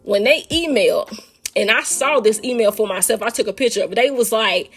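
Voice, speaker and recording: Husky-voiced woman teaching faith, casual. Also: fairly high pitch, a little fast, faint music behind. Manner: animated, talks straight to listeners as "y'all". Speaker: speaker sharing a faith testimony. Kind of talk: casual spiritual teaching and storytelling.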